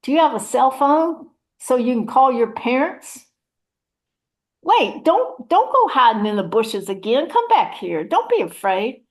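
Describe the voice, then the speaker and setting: A woman's voice: high-pitched, big pitch swings, a little slow. A woman voicing a chatty, churchgoing rural mama, rambling in a folksy, motherly way. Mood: scolding, motherly. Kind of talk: one-woman audio play reading.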